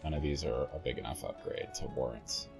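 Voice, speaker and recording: A man's voice: rumbling low, fairly quick, gravelly, music in the background. A man streaming a game, thinking aloud in a mumbling, swearing way. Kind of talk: casual gameplay commentary.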